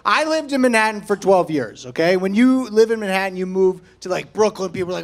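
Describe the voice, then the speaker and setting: Brash, profane stand-up comic in his thirties, high-pitched, pushy delivery. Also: lively intonation, fairly quick, hardly any pauses. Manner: brash, profane, keeps tagging lines with "okay?". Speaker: stand-up comedian. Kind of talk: stand-up set. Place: comedy club stage before a laughing audience.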